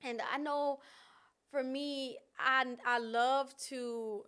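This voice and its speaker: A woman vlogger talking candidly to camera in a casual, reflective way, expressive and often laughing. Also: high-pitched, takes it slowly, clean tone.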